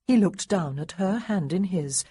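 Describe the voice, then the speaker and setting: Husky, expressive woman audiobook narrator. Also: on the low side, unhurried, dry recording. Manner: expressive, lively character dialogue.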